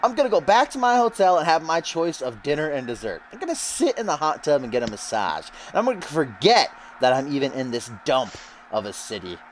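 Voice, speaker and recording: A swaggering, self-adoring wrestler, voiced by a man in a video game stream. He stretches his boasts out slowly and lifts them higher than a normal speaking voice. The delivery is grand and full of himself. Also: very animated, a little hiss or hum. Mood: boastful. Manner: cocky, grandiose, drawn-out delivery. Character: arrogant boastful male wrestler giving a promo.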